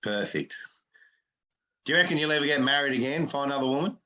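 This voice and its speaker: A man's voice: mid-range voice, animated, fast talker, sharp tone, muffled recording. A man hosting a podcast, teasing his guest in a dry, casual way. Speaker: podcast host.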